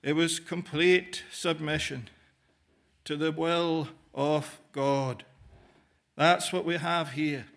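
A man preaching a sermon in measured phrases with frequent pauses, speaking directly to the listeners as "dear friend". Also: fairly high pitch, fairly even intonation, vocal fry, fairly bright tone.

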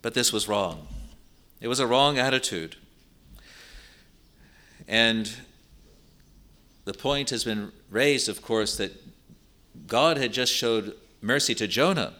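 Slow, bright-voiced male preacher. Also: medium pitch, lively intonation. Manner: slow, earnest Bible exposition with emphatic repetition. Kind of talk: sermon.

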